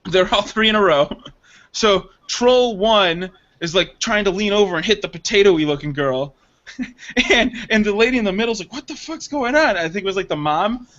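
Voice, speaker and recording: High, bright-voiced man telling a story. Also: moderate pace. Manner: animated storytelling with laughter and acted quotes. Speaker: podcast host. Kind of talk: casual chat. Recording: dull lo-fi sound.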